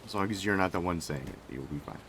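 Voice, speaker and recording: A man's voice: deep voice, fast talker, a bit bright, slight background noise. A man streaming a game and chatting casually, thinking aloud about what to do next in an easygoing way. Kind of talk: casual chat while playing.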